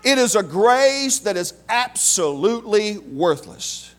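High-voiced, animated male preacher. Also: slow. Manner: emphatic, repeats key phrases, calls out to the congregation. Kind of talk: sermon.

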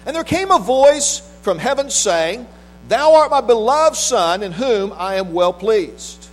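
A man's voice: high-pitched, animated, rough recording. A male pastor reading scripture solemnly, then preaching with a few restarts. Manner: measured, solemn reading with restarts in plain talk. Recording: faint mains hum.

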